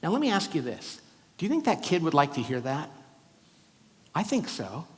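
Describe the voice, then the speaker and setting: Animated man telling stories in a reverberant hall. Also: on the high side, moderate pace. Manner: animated, acts out quoted voices. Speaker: keynote speaker. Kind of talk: storytelling keynote talk.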